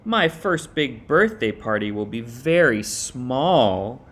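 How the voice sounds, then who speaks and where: A man's voice: medium pitch, takes it slowly, breathy edge, full character voice. A man voicing a curious, eager young boy rabbit in a storybook. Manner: questioning, lively.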